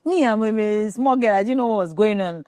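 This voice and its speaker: A woman's voice: medium pitch, normal speed, a little mellow, no echo. A Nigerian woman telling a family story as an interview guest, acting out the voices of the people in it.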